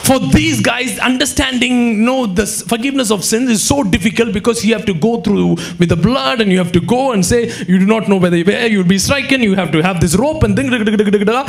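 A man preaching a sermon with an Indian English accent, animated, acting out quotes and breaking into sudden shouts. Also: sits high, a little fast, creaky, hardly any pauses. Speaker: pastor. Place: church hall.

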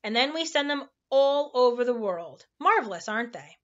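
A bossy, instructive dodecahedron from a storybook, voiced by a woman reading aloud, showing visitors around. Slightly high voice, dull home recording. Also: expressive, normal speed, fairly bright tone. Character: many-faced male shape guide, bossy.

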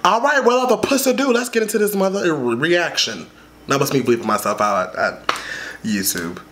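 A man's voice: fairly high pitch, animated, moderate pace, background noise. A man reacting to a music video in casual commentary, flamboyant and profane, gasping and close to tears. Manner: flamboyant, sassy and profane, with gasps and squeals. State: emotional, near tears. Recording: echoey room with music playing behind.

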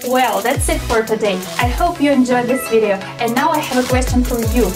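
A woman whose first language is not English, teaching an online English lesson with clear, careful delivery. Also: fairly high pitch, a little fast, music in the background.

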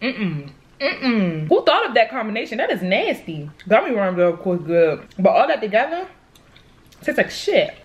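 A woman's voice: mid-range voice, sing-song, normal speed. Sassy, chatty young woman vlogger. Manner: sassy, chatty, addresses viewers as y'all and boo. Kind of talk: casual food-challenge vlog.

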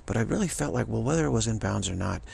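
A man giving a casual spiritual talk to camera, rambling and repeating himself with halting restarts. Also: on the low side, animated, gravelly, a little mellow, breathy edge. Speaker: spiritual vlogger.

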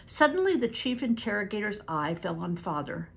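An older woman reading a book aloud to family, pausing to explain words and stumbling over hard names. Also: medium pitch, very animated, creaky, husky. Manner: stops to explain words and events.

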